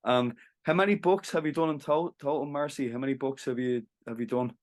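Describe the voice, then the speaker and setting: A man hosting a podcast interview, encouraging and quick with mm-hmms. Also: medium pitch. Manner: encouraging, frequent backchannel mm-hmms. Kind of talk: casual interview conversation.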